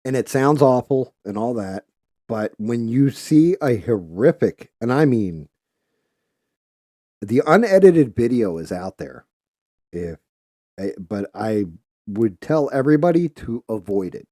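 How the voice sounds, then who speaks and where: A man rants on his podcast, blunt and swearing freely. His voice is mellow and dark, yet his pitch jumps around with animated energy. The sound is dry and close. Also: a little slow, dry recording. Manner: profane, heated and blunt. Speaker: podcast host. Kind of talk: casual podcast rant.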